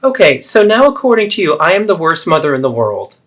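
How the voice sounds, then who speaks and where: A defensive, self-pitying middle-aged mother, played by a man swoops through a lively, expressive pitch as she deflects blame and guilt-trips. It is a therapeutic role-play, and her tone stays wounded and evasive. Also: brisk.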